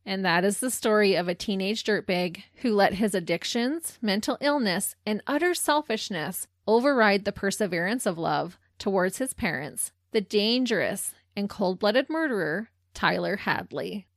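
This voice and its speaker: A woman's voice: mid-range voice, lively intonation, moderate pace, hardly any pauses, no room sound, studio quality. A woman co-hosting a true crime podcast, reading the case and then joking with her co-host. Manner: giggly and teasing in outtakes. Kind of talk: scripted true crime narration and casual banter.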